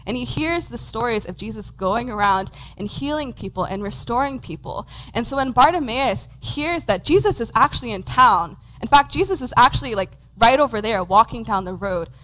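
Woman preacher, casual sermon, many fillers, fairly high voice. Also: fairly bright tone, poor audio. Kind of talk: conversational sermon. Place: church hall with a congregation.

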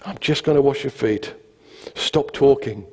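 A man voicing an exasperated but patient male teacher who gently scolds. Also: mid-range voice, a little slow, slightly rough. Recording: long hall reverb.

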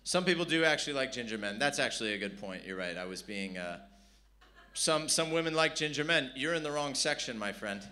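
Bright-voiced American man doing stand-up. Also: medium pitch, expressive, brisk. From San Diego, California. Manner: crowd work, brash and profane. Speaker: stand-up comedian. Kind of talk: live stand-up set. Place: live comedy venue with audience.

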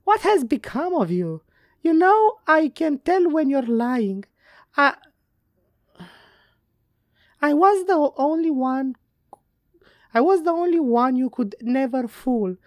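A woman voicing an erratic, dramatic woman who is reading her own letter aloud in a shrill, theatrical voice. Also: lively intonation, takes it slowly, pauses often, no room sound, studio quality. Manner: shrill, theatrical, over the top.

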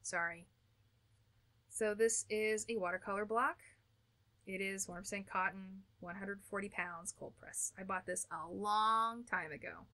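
American woman host, casual product review, crisp bright tone, chatty and upbeat. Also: medium pitch, steady tone, measured pace. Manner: chatty and upbeat, with small laughs and restarts. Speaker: art channel host.

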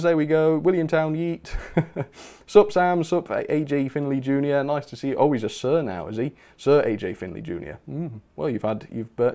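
A man's voice: mid-range voice, mellow. A man hosting a live stream, chatting casually and reading out viewer messages with bursts of enthusiasm. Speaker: channel host.

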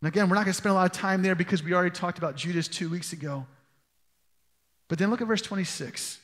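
A man's voice: sits high, quick pace, a bit bright, big-room sound. A man preaching a sermon as pastor, telling stories in a loose, conversational way. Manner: conversational storytelling with asides. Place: church hall.

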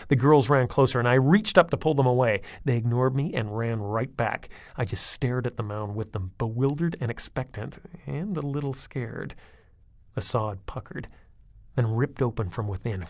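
A man's voice: mid-range voice, no room sound. A man narrating a first-person horror story in a wry, conversational storytelling manner. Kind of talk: audiobook reading of a horror story.

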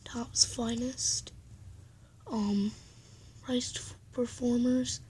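A woman hosting a card-pack opening vlog, often talking in a hushed whisper and getting excitable. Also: a little high, extremely slow. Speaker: channel host. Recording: noisy with crinkling wrappers. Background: tearing and crinkling card packs.

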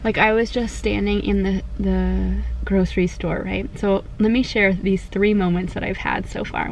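A young woman vlogging from inside a parked car, talking quietly and softly in a chatty, giggly, rambling way. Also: medium pitch, a little hiss or hum, low-quality recording. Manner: talking quietly, soft-spoken. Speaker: family vlogger. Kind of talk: casual vlog chat.

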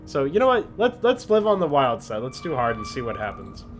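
A man's voice: mid-range voice, wildly swooping pitch, a little fast, faint music behind. A man hosting a let's-play, talking casually and enthusiastically about a game he is playing. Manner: chatty, enthusiastic. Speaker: host.

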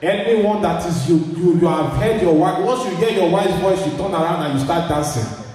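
A man, emceeing a party and joking with the crowd, often shouting. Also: high voice, normal speed, far from the mic. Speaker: event MC. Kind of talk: party hosting on a mic. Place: indoor party room. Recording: echoey hall, mic heard from afar, music behind.

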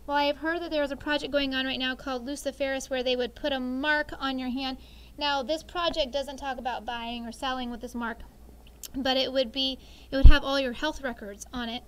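A woman's voice: high-pitched, steady tone, a little fast, a bit bright, clear, resonant tone, rough recording. A woman teaching a sixth grade vocabulary lesson, chatty, explaining words with everyday examples and checking in with "okay?".

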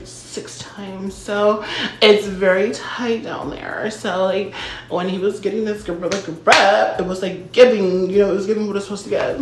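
A woman's voice: medium pitch, reverberant. Ditzy, profane young valley-girl storyteller. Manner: self-absorbed, brash and profane. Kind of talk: comedic storytime monologue.

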